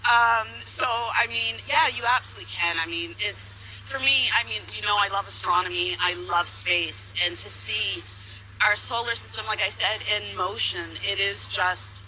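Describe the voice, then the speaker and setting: A woman guest in a live broadcast interview, emotional and halting as she talks. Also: medium pitch, pushed and bright, a little hiss or hum, low-quality recording. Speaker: guest, eclipse chaser.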